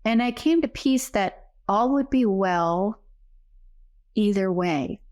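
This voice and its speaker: Middle-aged woman, podcast guest, earnest storyteller who acts out dialogue, average pitch. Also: animated, slow pace, darkish tone. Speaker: podcast guest, psychic medium. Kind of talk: personal storytelling in a casual interview.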